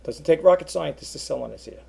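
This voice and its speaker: Man, slightly high voice with a gravelly edge, rambling earnest webcam vlog. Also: fast talker, mellow. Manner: rambling, repeats himself, earnest. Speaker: eBay seller vlogger. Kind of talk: casual webcam monologue.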